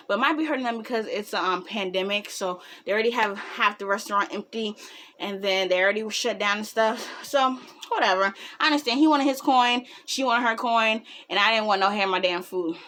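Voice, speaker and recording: A young woman telling a funny story in a casual storytime, animated and laughing often. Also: fairly high pitch, a little fast.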